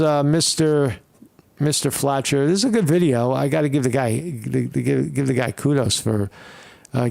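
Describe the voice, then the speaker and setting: A man's voice: medium pitch, vocal fry, a little mellow, dry recording. A man casually commenting on a video he plays, rambling and profane, with many fillers and restarts.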